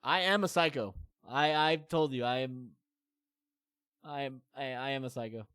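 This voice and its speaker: A man in his thirties talks to his stream viewers in a loose, rambling way, full of fillers and self-deprecating asides. His voice is smooth and resonant, sitting at an ordinary pitch. He is recorded close on a desk mic with a dry sound. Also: normal speed, a bit bright, no room sound. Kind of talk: casual chat to stream viewers.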